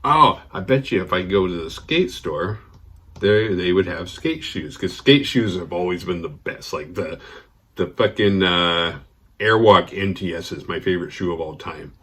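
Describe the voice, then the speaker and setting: A man hosting a horror movie channel, telling a rambling, profane story casually and getting animated when he quotes others. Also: low-pitched, normal speed, slightly rough. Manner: rambling, profane, restarts mid-sentence. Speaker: horror movie review host.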